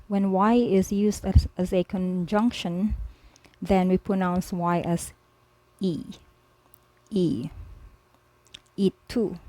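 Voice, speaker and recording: A woman's voice: lowish voice, dark tone, no echo, rough recording. A woman teaching a spoken language lesson, explaining each letter patiently and repeating every example word several times. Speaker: language tutor.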